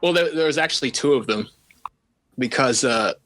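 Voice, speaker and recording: A man's voice: medium pitch, moderate pace, a bit bright. A man being interviewed as a guest, chatting casually in an easygoing, self-deprecating way with frequent restarts. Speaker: guest animator. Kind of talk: casual podcast chat.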